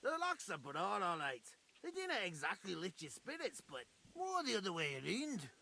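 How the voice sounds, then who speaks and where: An actor playing a blunt, taunting male soldier with a Scottish accent and a gravelly voice. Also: high-pitched, huge pitch swings, moderate pace, pushed and bright, heavily acted. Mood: gruff. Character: gruff brawling male soldier who mocks newcomers.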